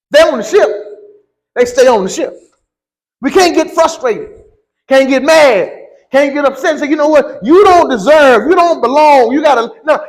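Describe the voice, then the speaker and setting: A man preaching a sermon, reading scripture and then building to slow, emphatic shouted lines. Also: very high voice, low-quality recording.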